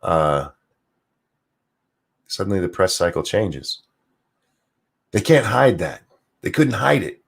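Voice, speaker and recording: A man's voice: sits low, very animated, slow pace, vocal fry, pauses often, slightly rough. A man hosting a ranting political livestream, swearing freely and reading out viewer donation messages. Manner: profane, ranting, reads donor messages aloud. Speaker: political commentary livestream host. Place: home, near geese outdoors.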